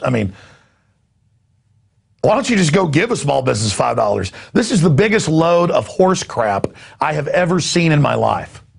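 Gravelly, sarcastic talk-show host man. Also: a little high. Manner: sarcastic, rambling, laughing asides. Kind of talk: news commentary rant.

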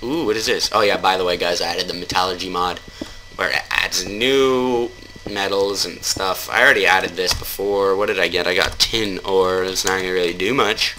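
A man's voice: low-pitched, steady tone, moderate pace, sharp tone, a little hiss or hum, rough recording. A man giving casual let's-play commentary while he plays, rambling and joking, then taking his jokes back. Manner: rambling, jokey, keeps taking things back. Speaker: gamer.

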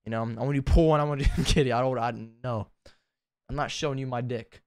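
A man's voice: medium pitch, steady tone, fast, darkish tone, clean tone, no room sound, clean studio sound. A tired young man chatting casually in an unedited vlog, rambling, self-deprecating and cussing a lot, recorded at home on a desk mic. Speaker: YouTuber.

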